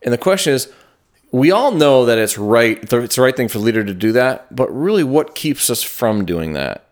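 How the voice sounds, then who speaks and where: Man, podcast co-host, casual chat, playful, reflective, coaching tone, mid-pitched. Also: big pitch swings, normal speed.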